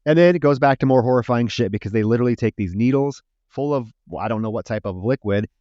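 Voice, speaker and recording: A man's voice: mid-range voice, fast, warm tone, no room sound, dull audio. A man co-hosting a podcast, casually retelling a film scene by scene, acting out lines and swearing freely. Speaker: podcast co-host. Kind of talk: casual movie review chat.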